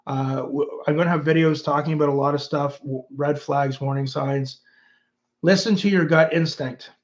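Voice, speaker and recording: A Canadian YouTuber in his fifties meanders through casual livestream talk, reading out what viewers write. He speaks at a moderate pace with a higher voice and fairly even intonation, captured in lo-fi sound.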